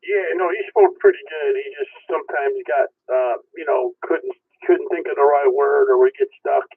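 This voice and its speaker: A man checking in on a ham radio net, talking casually with many halting restarts. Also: on the high side, husky. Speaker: caller checking in. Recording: tinny radio transmission.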